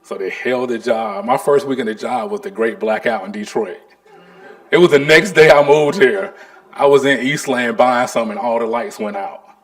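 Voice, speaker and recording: A man's voice: mid-range voice, normal speed. A man, an artist giving a storytelling lecture about his career. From North Carolina. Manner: animated, acts out the people in his stories.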